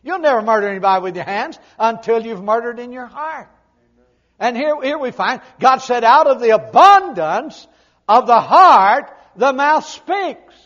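In a folksy, humorous sermon, an older male preacher with a high, expressive voice tells homespun stories at an unhurried pace. He shifts between loud, punchy emphasis and quiet, low asides, and the recording is dull and muffled.

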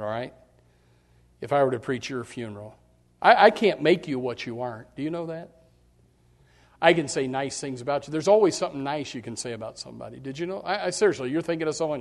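A middle-aged man preaching with fervent conviction, his fairly high voice pressing hard on each point. He delivers the sermon in emphatic bursts that swell in loudness, then drops back to plain, earnest talk. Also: long reverb tail. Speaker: pastor.

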